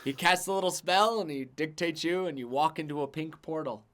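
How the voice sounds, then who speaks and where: A man's voice: on the high side, fairly quick, a bit bright. A man narrates a fantasy tabletop game as its game master. He rambles and restarts his sentences, and he peppers them with "like". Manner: rambling, lots of "like".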